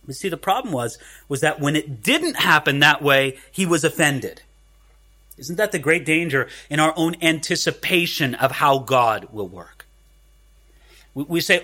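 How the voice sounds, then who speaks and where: A man preaching from the pulpit with a high, bright voice. He is animated, his pitch leaping up and dropping low as he acts out the lines he quotes, then turns back to explain the passage verse by verse. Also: a little slow. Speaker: pastor. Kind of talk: expository sermon.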